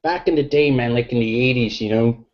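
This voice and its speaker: On a podcast, a tipsy middle-aged guest who's been drinking beer rambles crudely and fills his talk with fillers. His mid-range voice moves a little fast, and the sound is lo-fi.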